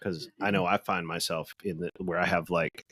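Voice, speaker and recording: A male podcast co-host talking haltingly in casual conversation, searching for words and sighing. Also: low-pitched, steady tone, a bit bright, no room sound.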